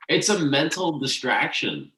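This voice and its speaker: A man hosting a podcast, talking in a slow, halting way with frequent restarts. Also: a little high, very animated, sharp tone. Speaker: podcast host. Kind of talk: casual conversation. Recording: echoey room, distant from the mic.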